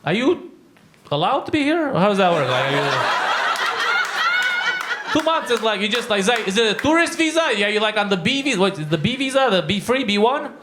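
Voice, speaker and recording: A man from Romania doing live crowd work as a stand-up comedian, teasing and rambling with quick asides. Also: high voice, very animated. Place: comedy club with audience. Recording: loud crowd and background noise. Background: audience laughter.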